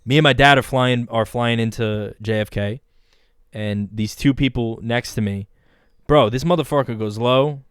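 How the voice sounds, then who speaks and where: A man's voice: mid-range voice, moderate pace, smooth, no room sound, studio quality. A young man, co-hosting a podcast, talking emphatically and profanely, saying "bro" a lot. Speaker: podcast co-host. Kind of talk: casual chat.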